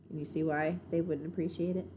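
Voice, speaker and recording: A woman teacher reading a children's book aloud and guiding a reading lesson in an expressive voice. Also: low voice, a little hiss or hum.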